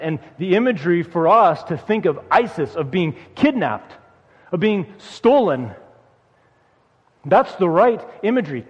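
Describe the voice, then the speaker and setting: Male preacher, high pitch, earnest exhortation full of repeated phrases; dull, reverberant hall recording. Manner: earnest, repeats phrases for emphasis, rises when urging. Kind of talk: sermon.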